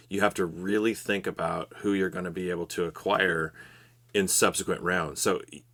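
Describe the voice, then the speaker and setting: A man co-hosting a podcast, giving steady advice in a casual explanatory way. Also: low voice. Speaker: podcast co-host.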